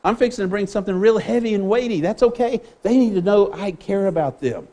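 Male preacher, high-pitched, earnest, restarts a lot. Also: animated, fairly quick, warm tone. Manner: earnest, with repeated words and restarts. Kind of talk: sermon.

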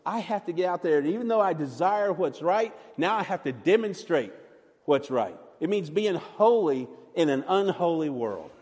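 Preacher man giving a sermon, slightly high voice, echoey sanctuary, earnest and dynamic. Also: sing-song, moderate pace. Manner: earnest preaching that swings from loud to soft. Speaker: pastor.

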